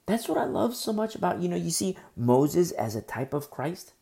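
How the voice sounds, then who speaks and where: A man's voice: high voice, sing-song, normal speed, creaky, mellow. A man preaching a sermon, teaching through a Bible passage and repeating key phrases for emphasis. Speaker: pastor.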